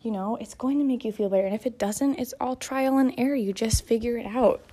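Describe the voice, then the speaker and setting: A woman's voice: fairly high pitch, brisk, mellow. A young woman and mother talking casually and encouragingly, a little out of breath as she folds laundry. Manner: chatty, encouraging, lots of fillers. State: slightly out of breath while folding laundry. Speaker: mother sharing self-care advice. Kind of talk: casual monologue.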